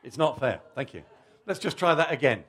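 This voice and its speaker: A man's voice: fairly high pitch, very animated, brisk, fairly bright tone. A middle-aged man preaching a Father's Day family sermon, telling a story vividly and coaxing children to act it out.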